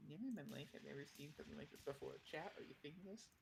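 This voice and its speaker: A whiny nerdy gamer guy exclaims to his stream chat, as a man puts the voice on. He rants in an excited, mocking tone over a clear layer of background noise. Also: on the high side, racing. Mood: mock outrage.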